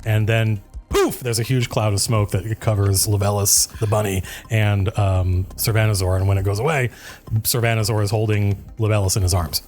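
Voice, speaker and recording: A man narrating as game master of a tabletop game, an animated storyteller who often laughs. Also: lowish voice, normal speed, soft background music.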